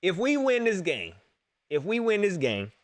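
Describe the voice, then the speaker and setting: A man hosting a casual sports talk stream, animated and joking, repeating his lines for effect. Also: high voice, unhurried.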